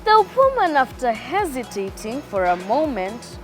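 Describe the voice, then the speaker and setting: A woman reads a Bible story aloud for children, slow and expressive. Her voice is high and swoops widely, with faint music playing underneath.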